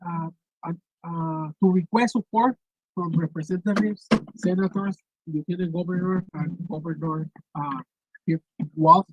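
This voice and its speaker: A man, a contract worker and father, giving an earnest, halting rally speech with repeated words and fillers. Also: high-pitched, husky, no echo, dull audio.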